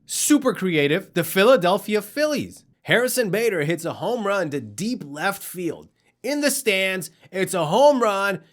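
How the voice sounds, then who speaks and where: A man's voice: high voice, big pitch swings, unhurried. A man hosting a comedy news show, telling a story with sarcasm and mockery. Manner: sarcastic, mocking, acts out characters.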